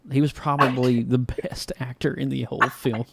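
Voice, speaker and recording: A man's voice: mid-range voice, normal speed, vocal fry. A man co-hosting a podcast, chatting casually about a film, loose and full of fillers. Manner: relaxed, filler-heavy, says "man" often. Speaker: podcast co-host. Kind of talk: casual review chat.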